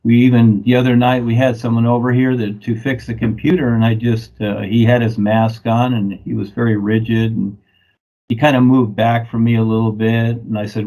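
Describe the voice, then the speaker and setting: A man's voice: medium pitch, level tone, normal speed, warm tone, rough recording. A man chatting casually, rambling from one thought to the next with an easy chuckle. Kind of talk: casual chat.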